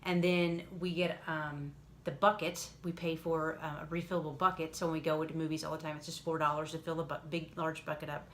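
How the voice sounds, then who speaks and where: A woman's voice: low-pitched, level tone, brisk, slight background noise. A woman co-hosting a casual podcast chat, talking in a rambling way and often correcting herself. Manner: chatty, rambling, self-correcting. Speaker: podcast co-host.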